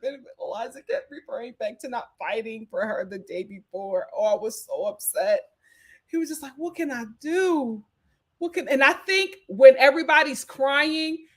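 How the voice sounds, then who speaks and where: A woman hosting a live reality TV recap, chatting in an animated, gossipy way. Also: on the high side. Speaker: host.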